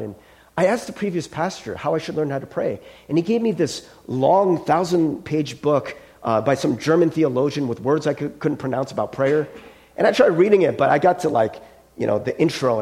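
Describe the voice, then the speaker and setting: A man preaching a sermon as pastor, telling stories in a casual, chatty way with lots of fillers and restarts, dropping softer when he quotes the people in them. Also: a little high.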